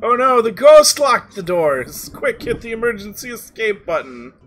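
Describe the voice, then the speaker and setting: A man voicing a playful, imaginative teenage girl in a video game, high and excited as she plays pretend. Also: unhurried, slight background noise, full character voice.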